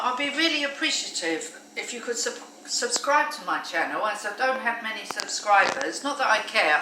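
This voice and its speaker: A woman vlogging casually from her home kitchen, chatty and enthusiastic with many ums and restarts. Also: medium pitch. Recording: echoey room, distant mic, noisy.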